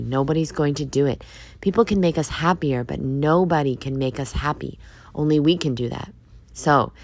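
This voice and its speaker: A woman hosts a casual solo podcast in a very low voice, deeper than usual because she has just woken up. She speaks in an upbeat, encouraging way and keeps checking in with "okay?" and "all right?". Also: darkish tone. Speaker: podcast host.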